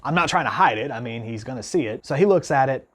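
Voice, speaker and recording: In a fast, mid-range voice, a man who vlogs about guitar tells a casual, aggrieved story to the camera. He meanders, leans on "like" and "you know," and restarts again and again in his animated outrage.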